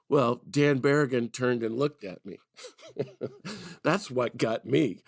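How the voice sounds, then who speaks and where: Lively storytelling priest, dry close sound. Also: male voice, mid-range voice, takes it slowly, gravelly, long pauses, no echo. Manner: lively storyteller who laughs and acts out quotes. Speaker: priest and peace activist guest. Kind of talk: conversational storytelling.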